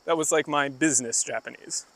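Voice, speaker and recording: A man's voice: fairly high pitch, a little fast, pushed and bright, no room sound. A man livestreaming while walking outdoors, chatting loosely with his viewers and demonstrating phrases. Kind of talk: casual livestream chat while walking, answering chat. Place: outdoors, rural path near woods.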